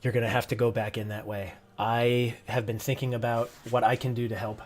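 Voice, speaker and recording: A man's voice: mid-range voice, level tone, fairly quick, slight background noise. A man narrating as game master for a tabletop game, hesitant with restarts. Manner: hesitant, many restarts and ums.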